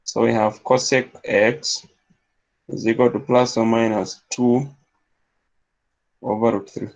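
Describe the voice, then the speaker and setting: In a maths lecture captured on a dull lo-fi recording, a man with a mid-range, slightly mellow voice talks unhurriedly and flatly, pausing often. He narrates each step aloud and checks in with the class by asking "yes?".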